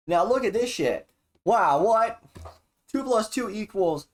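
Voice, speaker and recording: Streamer, solo stream, erratic profane rambler, pitch swings widely. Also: expressive, unhurried. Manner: erratic, profane and jumpy, with sudden laughs and exclamations.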